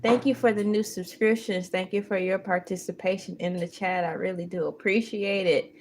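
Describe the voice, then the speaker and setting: A woman's voice: medium pitch, steady tone, a little mellow, slight background noise. A woman hosting a morning livestream in casual chat, playful and joking as she talks. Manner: slow, playful, breaks into sung bits and laughter. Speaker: livestream host.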